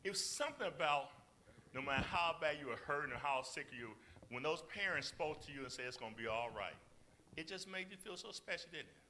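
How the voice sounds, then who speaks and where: Male minister teaching at a church gathering; very bright tone, swinging pitch, quizzes the congregation. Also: fast, slight background noise, rough recording. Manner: animated, acts out quoted speech in sharp voices; addresses the congregation with questions. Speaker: minister leading a marriage session.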